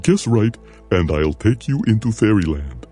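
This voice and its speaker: A man voicing a huge, mocking male giant in a computer game, speaking slowly and tauntingly in an audiobook reading. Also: on the low side, sing-song, dark tone, breathy edge, soft background music, voice pushed up, exaggerated voice.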